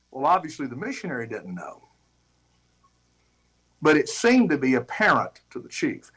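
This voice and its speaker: A man preaching, retelling a story in an animated, conversational way with shifting pace. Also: mid-range voice, normal speed, long pauses, slightly rough, poor audio. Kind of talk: sermon illustration.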